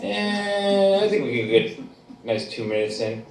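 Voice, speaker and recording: A man's voice: on the high side, sing-song, unhurried, a little mellow, slight background noise. Crude rambling stand-up comic man. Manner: crude rambling storytelling with restarts. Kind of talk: open mic stand-up. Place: bar stage, echoey room. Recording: echoey bar room, distant mic.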